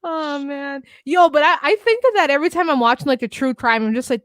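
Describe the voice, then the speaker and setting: A woman co-hosting a casual podcast, excitedly chatting about horror films and quoting lines from them, laughing often. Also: high voice, brisk, few pauses, no echo, clean studio sound. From Northeast Pennsylvania. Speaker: podcast co-host. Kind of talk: casual chat.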